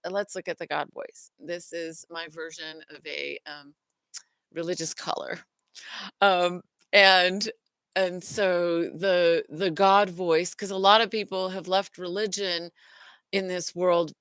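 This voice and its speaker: Leading a self-worth lesson, a middle-aged woman talks casually and earnestly, often halting to start over or fix what she said. Her voice sits on the low side and is a bit bright. The recording is dry.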